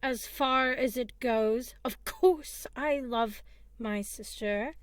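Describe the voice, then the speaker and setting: A woman's voice: fairly high pitch, slow, no echo. A woman voicing a proud, protective male noble elf who talks down to others in a haughty, curt way.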